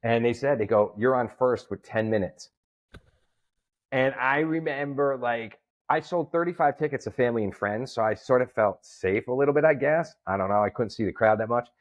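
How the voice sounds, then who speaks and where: A guest comedian and promoter tells a story in a casual interview, animatedly acting out the voices of the people in it. His voice is mid-range, and the audio sounds dull.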